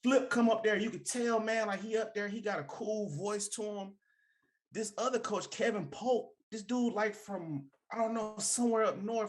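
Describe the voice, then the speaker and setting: A young adult man co-hosting a casual sports talk show, emphatic and animated, with slangy delivery and big swings in pitch. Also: moderate pace. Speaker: podcast co-host.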